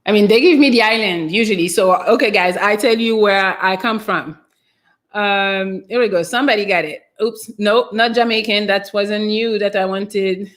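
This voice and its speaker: Slow-talking French woman streamer. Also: medium pitch, a bit bright. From France. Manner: chatty and meandering, trails off with fillers. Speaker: livestream host reading viewer comments. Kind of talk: casual live-stream chat.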